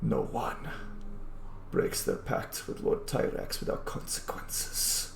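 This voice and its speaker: A man voicing a cold, menacing older general who speaks in a low, hushed murmur, recorded in a roomy space. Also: slow pace, a little hiss or hum, lightly acted.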